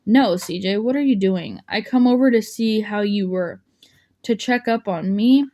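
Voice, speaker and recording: A woman's voice: mid-range voice, normal speed, warm tone. A woman narrating an audiobook, voicing the dialogue lightly, with small slips and restarts. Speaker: audiobook reader.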